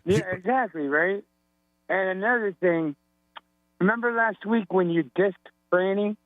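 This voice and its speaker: A man's voice: high-pitched, measured pace, no room sound. Hungover guy calling the radio, rambly, jokey, tinny phone line w hum. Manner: rambling, joking. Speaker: radio caller. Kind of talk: casual phone call to radio show.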